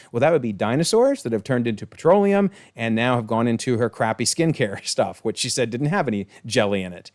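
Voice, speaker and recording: A man's voice: medium pitch, animated, a little fast, hardly any pauses, no echo, studio quality. A man giving a casual, amused episode breakdown, chatting about scenes and often calling them hilarious. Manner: briefly acts out quoted lines in changed voices. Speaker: online TV episode reviewer.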